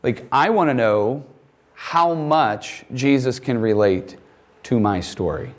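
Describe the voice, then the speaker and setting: A man teaching a Bible lesson, reading passages aloud and acting out quoted lines with animated voices. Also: mid-range voice, slow pace.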